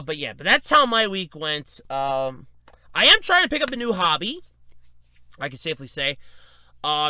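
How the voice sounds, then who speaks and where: A man's voice: fairly high pitch, smooth, no echo. A man hosting his own podcast, rambling through casual stories about his week and acting out what people said. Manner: rambling storyteller, animated retellings with laughs. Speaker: podcast host. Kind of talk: casual solo podcast monologue.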